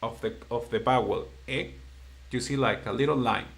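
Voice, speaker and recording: A man teaching a beginner class in English, patient and encouraging as he explains rules slowly. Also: medium pitch, vocal fry, fairly bright tone. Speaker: Spanish teacher. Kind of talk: live-streamed online language lesson.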